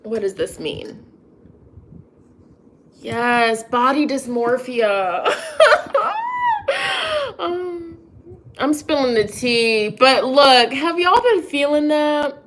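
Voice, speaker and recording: A woman's voice: fairly high pitch, animated, slow, a bit bright, a little hiss or hum, poor audio. A young woman rambling and confiding in a casual vlog, often restarting her sentences and laughing. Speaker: tarot reader and vlogger. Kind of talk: casual chat to camera.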